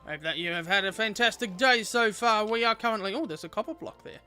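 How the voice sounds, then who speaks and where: A man's voice: sits high, fast talker, pushed and bright, clean tone, faint music behind. A young man chatting playfully with viewers while streaming a game. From Australia. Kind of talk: casual gameplay livestream chat.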